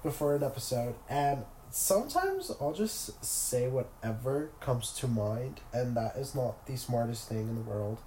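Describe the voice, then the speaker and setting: Nasal, sick young man with a mellow voice. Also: medium pitch, big pitch swings, measured pace, hardly any pauses, echoey room, a little hiss or hum, low-quality recording. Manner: rambling, filler-heavy, self-interrupting. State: sick with a cold. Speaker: podcast host. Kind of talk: casual solo chat. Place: in bed at home.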